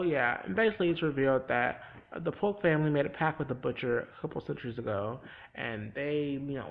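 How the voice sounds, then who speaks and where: A man giving a casual, rambling spoken recap of a TV episode, with many restarts and quick acted-out quotes. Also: mid-range voice, creaky, rough recording.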